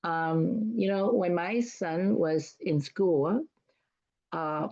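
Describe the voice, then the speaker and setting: A woman's voice: on the low side, drawn-out words, dark tone, muffled recording. An older woman giving a casual seminar talk, chatty and repetitive, acting out example dialogues. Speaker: seminar speaker.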